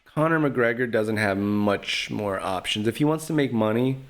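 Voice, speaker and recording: A man's voice: lowish voice, lively intonation, moderate pace. A man hosting his own podcast, talking casually and rambling, with a trash-talking streak. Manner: rambling, trash-talking, lots of fillers like "you know". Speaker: podcast host. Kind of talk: casual solo podcast commentary.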